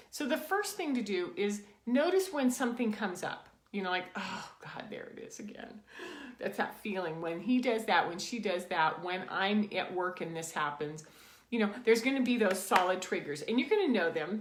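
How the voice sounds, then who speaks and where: A woman in her sixties speaks in a mid-range voice, earnest and reflective, sharing self-help guidance. She sinks to a soft hush when she guides gently. The room around her rings with noticeable echo. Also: mid-range voice. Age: late 50s to 60s. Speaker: spiritual coach and video host. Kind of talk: casual reflective talk to camera.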